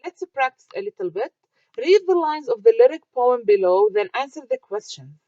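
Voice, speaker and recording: A woman's voice: on the high side, lively intonation, moderate pace, warm tone, dry recording. A woman teacher giving a recorded lecture, explaining step by step, asking questions and answering them herself, with fillers and restarts. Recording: dry, muffled lo-fi.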